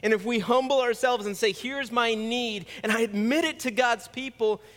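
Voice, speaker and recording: A man's voice: very high-pitched, steady tone, a little fast, a bit bright. A man pastor delivering a sermon in an earnest, conversational preaching manner. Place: church sanctuary. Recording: long reverb of a church hall.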